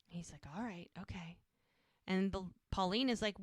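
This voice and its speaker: Speaking at a normal speed, a woman with a fairly low, steady, fairly bright voice co-hosts a podcast. She casually walks through a TV episode, acting out what the characters say as she recounts scenes. Dry, studio-quality recording.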